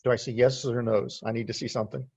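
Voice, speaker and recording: A man chairing a town council meeting, brisk and procedural as he manages speaking time. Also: medium pitch, level tone, warm tone, husky, muffled recording.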